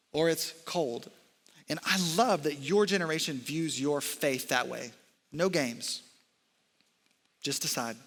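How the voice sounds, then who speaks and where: A young man preaches with a bright, forceful voice pitched a little high. He gets animated and keeps drifting into jokes and off-script asides. His stage mic carries a long reverb through a large church hall. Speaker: college ministry director. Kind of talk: sermon.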